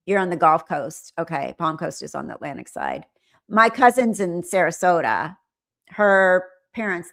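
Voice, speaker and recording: A woman's voice: lowish voice, vocal fry, a bit bright. A middle-aged woman hosting a livestream, chatting with viewers in a rambling way and often trailing off and restarting. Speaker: livestream host. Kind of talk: casual chat with viewers.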